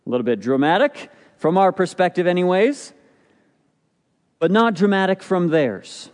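A man's voice: high voice, lively intonation, normal speed, darkish tone. Man preaching in a reverberant hall. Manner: expository preaching, rhetorical questions, acts out quotes. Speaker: pastor. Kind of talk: sermon.

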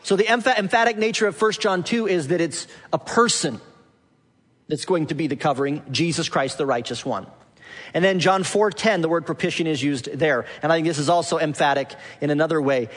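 Man, preacher, sermon, emphatic delivery, slightly high voice, echoing hall. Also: animated, brisk. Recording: long hall reverb.

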